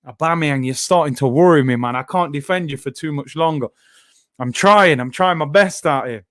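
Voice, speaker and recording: A young-sounding man hosts a live football watchalong, talking in quick slang and jumping into shouts when the play turns. His voice sits high for a man. The sound is close and dry, with no room in it. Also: no room sound. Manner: excitable, slangy, bursts into shouts. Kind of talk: live reactive commentary.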